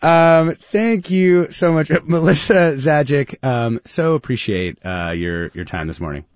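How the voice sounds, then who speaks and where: A man hosting a live radio interview, chatty and quick to laugh. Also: fairly high pitch, no echo, muffled recording. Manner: lively and chatty, laughs easily. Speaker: radio show host.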